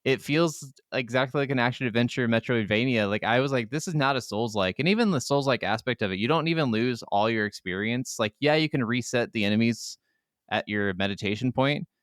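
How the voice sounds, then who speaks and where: A man's voice: medium pitch, a little fast, a bit bright, no room sound, studio quality. A man co-hosting a casual gaming podcast from a home setup, rambling and profane in a laid-back way. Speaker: podcast co-host.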